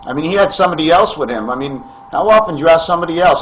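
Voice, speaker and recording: Man, rambling preachy vlog monologue, slightly high pitch, faint hum behind. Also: quick pace, a bit bright, rough recording. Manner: preachy, full of rhetorical questions; wandering, addresses listeners as friends. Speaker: vlogger. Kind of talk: rambling spiritual monologue to camera.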